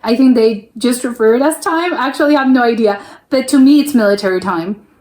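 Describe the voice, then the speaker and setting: A chatty young woman from the US talks through a reaction video in a casual, unscripted way. Her voice sits a little high, and her thoughts wander and double back before she finds the point. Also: a little fast, darkish tone. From United States. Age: young adult. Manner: rambling, self-interrupting, laughs often.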